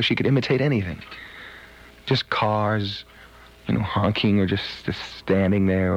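A man's voice: lowish voice, creaky, slightly rough. A man hosting a radio show, telling a rambling, musing anecdote from the studio, heard on an old broadcast. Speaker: radio disc jockey. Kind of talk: late-night radio storytelling. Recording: dull lo-fi 1970s radio broadcast.

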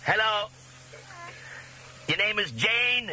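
A man's voice: sits high, expressive, slow pace, very noisy. An American man hosting a radio show, teasing callers in drawling, chuckling hipster slang. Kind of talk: jive-talking radio show patter.

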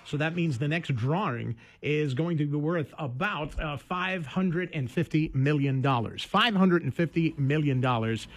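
Brief: radio host, Connecticut man, high voice, lively storyteller doing both sides of a chat. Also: measured pace, few pauses. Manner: animated storyteller acting out both sides of a dialogue. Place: radio studio.

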